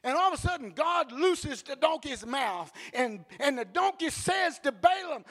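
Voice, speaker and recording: A male preacher giving a sermon in animated storytelling, with blunt joking asides and bursts of shouting. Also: extremely high pitch, moderate pace, hardly any pauses, big-room sound.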